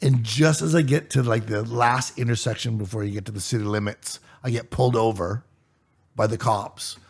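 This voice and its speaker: A Canadian man in his forties, a podcast co-host, telling anecdotes in halting casual chat. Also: medium pitch, fairly even intonation, creaky, slightly rough. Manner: halting, laughing anecdote-teller.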